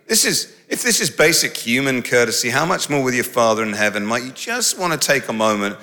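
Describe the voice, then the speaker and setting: A middle-aged man preaching in a large hall, his bright, forceful voice ringing out with a long reverb. He talks in a lively, conversational way and slips in humorous asides between his points. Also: medium pitch, brisk. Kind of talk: sermon.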